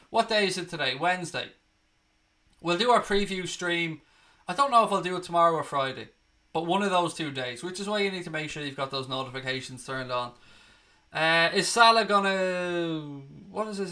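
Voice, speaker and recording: A man's voice: on the high side, bright, forceful tone. A young man hosting a casual live stream, reading viewer comments aloud and calling them mate and buddy.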